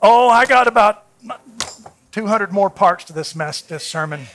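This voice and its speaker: A preacher with a high, bright voice tells a story from the pulpit of a church. His delivery swings from hushed, intimate asides up to loud, fervent peaks. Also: expressive, measured pace, slight background noise. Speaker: pastor. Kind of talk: sermon. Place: church sanctuary.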